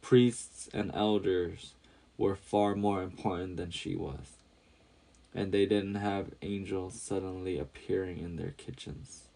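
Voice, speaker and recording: A man narrating a storybook tale in a steady, measured reading. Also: low voice, gravelly.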